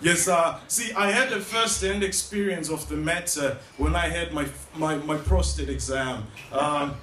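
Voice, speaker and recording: A man's voice: fairly high pitch, measured pace, pushed and bright. A man performing a rambling stand-up comedy set in a tea room, with stammering restarts. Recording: echoey room, distant mic, noisy.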